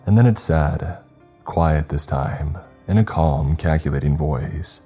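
A man narrating a first-person horror story in a steady, grave way. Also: extremely low pitch, takes it slowly, soft background music.

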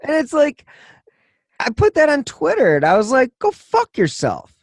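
A man's voice: very high voice, huge pitch swings, normal speed, no echo. A man hosting a podcast, chatting casually in a blunt, profane, ranting way. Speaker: podcast host. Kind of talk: casual interview chat.

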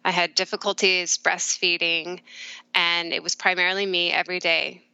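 A middle-aged woman speaks openly in an interview, her voice bright and crisp. She is reflective and unhurried, with soft laughs slipping into her sentences. The sound is dry and close, with no room around it. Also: on the low side, little pitch movement, dry recording, low-quality recording. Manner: warm, reflective, often laughing softly. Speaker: therapist guest. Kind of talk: candid conversational interview.

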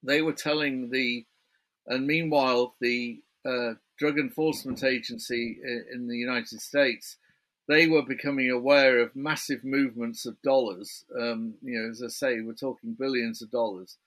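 A man's voice: mid-range voice, steady tone, moderate pace, a bit bright. A British man, an author guest in a remote interview, chatty and building his story point by point. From Britain.

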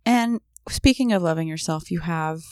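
A woman with a slightly low voice asks questions as an interview host. She is friendly and laughs easily, and the sound is dry and close to the mic. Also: normal speed, a little mellow, no room sound. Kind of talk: casual interview talk.

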